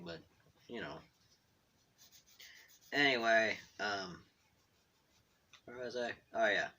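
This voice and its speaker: Bright-voiced man rambling through a story. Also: fairly low pitch, expressive, takes it slowly, pauses often. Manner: self-deprecating, meandering, trips over words. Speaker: storyteller drawing on camera. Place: bedroom at home.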